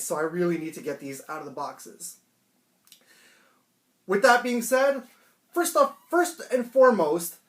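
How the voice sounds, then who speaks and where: A man chatting excitedly and swearing casually through a home unboxing vlog. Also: high voice. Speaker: toy collector vlogger. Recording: roomy echo, faint background music.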